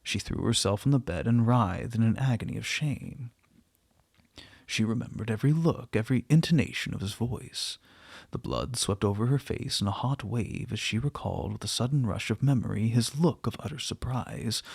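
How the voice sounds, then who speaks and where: A man reading a short story aloud in a gentle, unhurried way, voicing the dialogue softly. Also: medium pitch, creaky, husky, dry recording, studio quality. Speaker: narrator.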